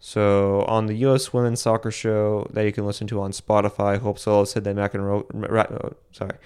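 Smooth-voiced young man, rambling podcast host. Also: on the low side, level tone, brisk, darkish tone. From Boston, USA. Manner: rambling, with frequent restarts and self-corrections. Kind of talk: solo podcast commentary.

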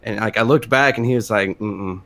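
A man tells crude stories from a fast-food job in a loose chat among friends. He swears freely and laughs through his words. He acts out quoted lines in put-on voices. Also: fairly low pitch, fairly bright tone. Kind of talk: casual crude storytelling chat.

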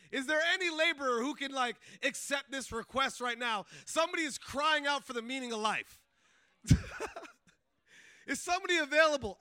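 Bright high-voiced man telling a story. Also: smooth, dry recording. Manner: animated, chatty, many filler words, laughs often. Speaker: speaker sharing a faith testimony. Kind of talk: casual storytelling testimony.

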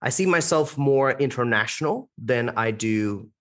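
Um homem criado em muitos países, com sotaque americano, falando como convidado de podcast de forma enérgica e enfática, com perguntas retóricas. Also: male voice, medium pitch, measured pace. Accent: American-sounding. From India, raised internationally. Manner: energetic, emphatic, rhetorical questions. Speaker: guest, public speaking coach. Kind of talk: podcast interview.

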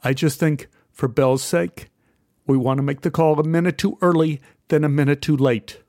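A grown son, blunt but caring, choosing his words with care, as his father reads his lines. The voice sits a little high for a man, close and dry. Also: fairly even intonation, normal speed, no room sound, close to an everyday voice. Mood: concerned. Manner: careful, forceful.

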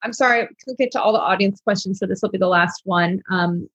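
Woman moderator, husky voice, reads questions out briskly. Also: medium pitch, a bit bright. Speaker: event moderator. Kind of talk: reading out audience questions.

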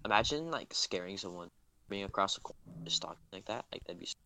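A young man in casual chat, quick joking banter. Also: low-pitched, animated, bright, forceful tone, no room sound. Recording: noisy background.

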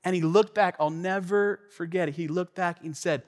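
A man preaching a sermon, telling a story in an animated, conversational way with frequent asides to the listeners. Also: high voice, moderate pace, few pauses. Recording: long reverb of a large hall.

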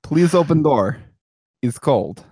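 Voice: mid-range voice, takes it slowly, slightly rough, voice pushed up, heavily acted. A podcaster putting on a gloomy mock-Latvian joker. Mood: grim. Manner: broken grammar, dropped articles, deadpan grim punchlines. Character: gloomy poor Eastern European man telling jokes.

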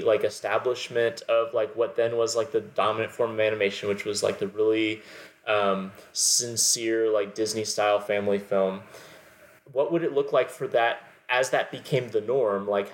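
A man co-hosting a podcast, analyzing films in a rambling casual way, peppering his talk with "like". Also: medium pitch. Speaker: podcast co-host. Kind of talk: casual film discussion.

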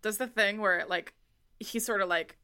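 Woman game master, casual chatty narration, bright voice. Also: medium pitch, normal speed, clean tone.

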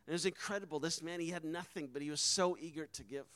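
A man's voice: a little high, fast, a bit bright, dry recording, low-quality recording. A man, a missionary, telling a personal testimony with earnest emotion and acting out the quoted dialogue. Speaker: missionary speaker.

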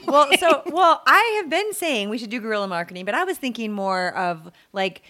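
A woman co-hosting a podcast with a higher, bright voice. Her pitch swings widely as she reacts to her co-host and teases her playfully in casual chat. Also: expressive, fairly quick.

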